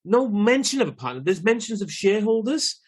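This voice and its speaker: A man's voice: high voice, very animated, a little fast, slightly rough. A man co-hosting a podcast, rambling casually about films and what irks him. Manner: rambling, easily irked. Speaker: podcast co-host. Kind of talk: casual film chat.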